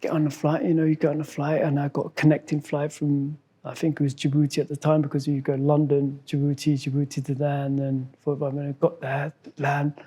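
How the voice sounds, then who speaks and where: A man from Somalia, a guest in an interview, telling a personal story in a halting way, repeating words and acting out what others said. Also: fairly high pitch, monotone, warm tone, breathy edge. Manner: halting, repeats words, acts out quoted dialogue.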